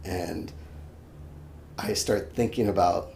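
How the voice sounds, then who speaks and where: A young adult man, a podcast guest, telling a story in casual chat, animated and swearing freely, acting out his own shouts. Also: low-pitched, slow, vocal fry. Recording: echoey room, faint background noise.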